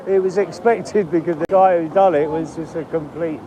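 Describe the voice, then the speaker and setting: A man's voice: on the high side, steady tone, normal speed, crowd noise, low-quality recording. A man chatting with strangers on a live stream while walking a city street. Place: city street outdoors with traffic. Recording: street noise and traffic.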